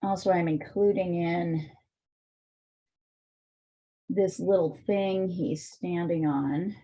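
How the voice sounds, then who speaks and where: A woman's voice: on the low side, steady tone, slow pace, mellow. A woman art teacher with a weak, strained voice, chatting and thinking aloud while she demonstrates drawing in a live online class, with plenty of fillers.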